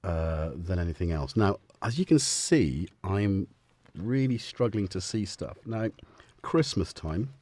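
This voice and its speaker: Lively low-voiced man rambling. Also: a little slow, no room sound. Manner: rambling, self-interrupting, jokey. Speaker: live-stream host. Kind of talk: casual live-stream chat.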